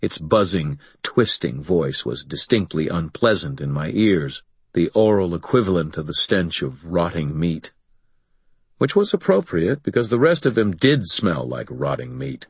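A man's voice: deep voice, big pitch swings, measured pace, breathy edge, no room sound. A man narrating a first-person audiobook in a wry, sardonic storytelling manner.

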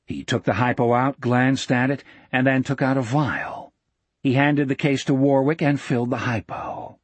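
A man narrating a novel in a measured, dramatic storytelling manner on a close mic. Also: medium pitch, fairly even intonation, breathy edge, dry recording. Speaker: audiobook narrator. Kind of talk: scripted narration.

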